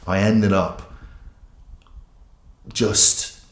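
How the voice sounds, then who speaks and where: A man's voice: fairly low pitch, little pitch movement, extremely slow, roomy sound. A man, a pastor giving a candid, self-mocking personal testimony. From England.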